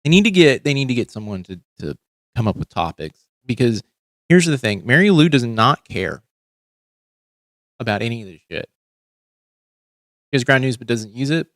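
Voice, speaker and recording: A man's voice: mid-range voice, big pitch swings, normal speed, long pauses, a bit bright, no echo, clean studio sound. A man hosting a livestream, ranting in casual commentary with heavy swearing and frequent restarts. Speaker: livestream host.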